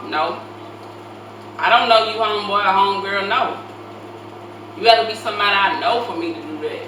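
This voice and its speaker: A woman's voice: mid-range voice, brisk, long pauses, pushed and bright. Blunt woman co-host in a roomy space. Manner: casual, blunt, heavy use of "like". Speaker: co-host, host's sister. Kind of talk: casual reaction chat. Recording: echoey room, mic at distance, faint noise.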